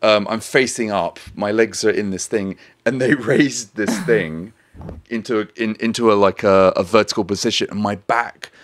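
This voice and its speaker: A man's voice: lowish voice, normal speed, a little hiss or hum. A young man co-hosting a language-lesson podcast, telling stories animatedly and often laughing. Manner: animated storyteller, laughs often, acts out voices. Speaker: podcast co-host. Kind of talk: casual language-lesson chat.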